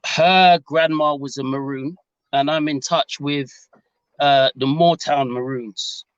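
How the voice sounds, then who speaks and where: Man, London English accent, caller, polite, hesitant, fillers, slightly high voice, dull lo-fi line. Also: steady tone, slow, smooth, no room sound. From England. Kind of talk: casual call-in conversation.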